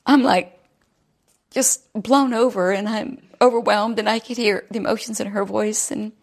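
A woman in an interview recounting a phone call, excited and quoting both sides. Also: mid-range voice, moderate pace.

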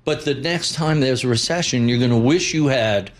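A man with a voice of ordinary pitch talks as a guest on a markets broadcast. He is blunt and opinionated, with a wry edge as he lists figures. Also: normal speed. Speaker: guest investment commentator. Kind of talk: broadcast interview.

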